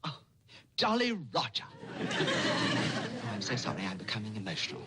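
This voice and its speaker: An actor playing a prim, excitable male tutor in a 1950s TV sitcom. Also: lowish voice, racing, very noisy, natural voice.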